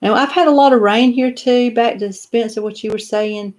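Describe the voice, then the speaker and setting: A woman's voice: on the high side, moderate pace, a little mellow. An older woman, chatting casually on a live stream and answering viewer comments, rambling a little with lots of fillers and restarts. She is in a home office lined with doll showcases.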